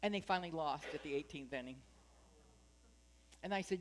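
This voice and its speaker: A woman's voice: mid-range voice, very animated, moderate pace, pauses often. A woman minister giving a sermon at a spiritual center, chatty and joking, asking her congregation questions.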